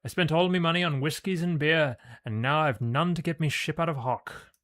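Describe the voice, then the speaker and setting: A man voicing a burly, red-bearded Irish giant in a video game, talking loudly in a thick Irish brogue. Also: fairly high pitch, moderate pace, no room sound, studio quality, voice pushed up, natural voice. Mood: wistful. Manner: thick brogue, loud and hearty.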